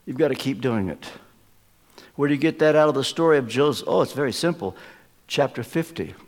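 Man, preacher, sermon, emphatic, hushed asides, fairly high voice, long church reverb. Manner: emphatic, swings from loud stresses to hushed asides. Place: large church hall, live service.

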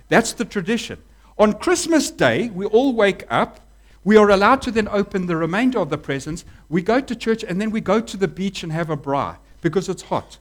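A man preaching a sermon as pastor, animated, acting out voices and dropping to a hush. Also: sits high. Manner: animated preaching, acts out voices, swings from loud to hushed.

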